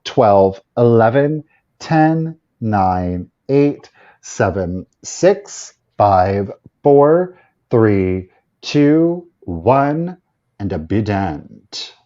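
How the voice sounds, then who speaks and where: A man's voice: on the low side, big pitch swings, very slow, dark tone, dull audio. A man hosting a live vintage sale, chatting enthusiastically as he shows items and runs the bidding. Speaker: live auction seller.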